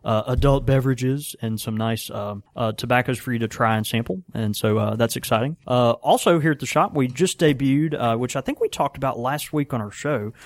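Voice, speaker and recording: A man, co-hosting a casual talk show from a small pipe shop, relaxed and chuckling, with lots of fillers and restarts. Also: medium pitch, a little fast, few pauses, dry recording. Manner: laid-back, chuckling, many fillers and restarts. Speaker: podcast co-host and pipe shop worker. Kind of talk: casual chat.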